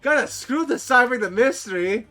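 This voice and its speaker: A male streamer commenting live on a game, excitable and swearing, with sudden loud outbursts. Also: very high-pitched, fairly quick, soft background music.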